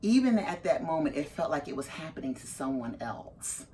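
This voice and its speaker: Animated middle-aged woman telling a story. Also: normal speed, a little hiss or hum. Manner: animated, acts out her own reactions with big jumps in pitch. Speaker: interview guest, mother of a parolee. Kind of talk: emotional storytelling interview.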